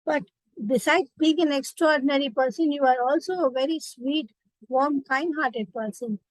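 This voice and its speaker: High-voiced Indian woman leading a memory lesson. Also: moderate pace, no echo, low-quality recording. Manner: vivid storytelling, direct address. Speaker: memory trainer. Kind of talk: guided visualization lesson.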